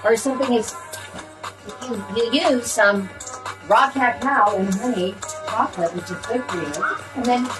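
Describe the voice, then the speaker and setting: A woman hosting a wellness session, giving a playful, rambling closing talk full of fillers and sudden mock shouts. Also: on the high side, moderate pace, long pauses, rough recording. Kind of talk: chatty closing talk to an audience. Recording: music playing behind.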